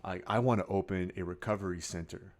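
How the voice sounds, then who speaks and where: A man giving casual market commentary as a day trader, mumbling quietly over his charts at times and firing up into a loud, swearing pep talk at others. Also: low voice, steady tone, fairly quick.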